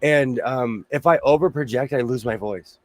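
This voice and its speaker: A man hosting a casual chat, telling stories loudly while his voice is going hoarse. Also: medium pitch, moderate pace, slight background noise. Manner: loud, animated storyteller. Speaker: host. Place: home sewing room.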